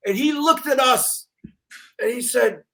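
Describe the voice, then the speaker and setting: An older man co-hosts a loose sports chat, his voice sitting unusually high. He tells stories with gusto, slipping into the voices of the people he quotes. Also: measured pace, vocal fry. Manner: animated storyteller, acting out quotes. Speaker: co-host.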